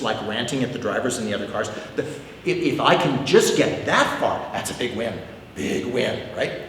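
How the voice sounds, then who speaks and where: In an echoey hall with long reverb, a man with a mid-range voice gives an informal prayer class, speaking candidly and self-deprecatingly and repeating words as he thinks. He's far from the mic, with slight background noise.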